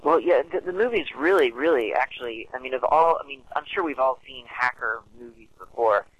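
A man's voice: mid-range voice, a little fast, no room sound. Guy giving his honest take on a movie, lots of restarts, muffled lo-fi dry audio. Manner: earnest, hesitant with restarts. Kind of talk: casual film discussion.

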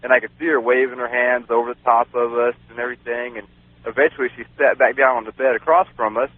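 A man's voice: mid-range voice, fairly even intonation, fast talker. A man guest on a radio show telling a personal story in a rambling way, with many fillers and laughs. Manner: rambling, laughs often, many "you know"s. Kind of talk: casual storytelling. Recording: dry, phone-like radio sound.

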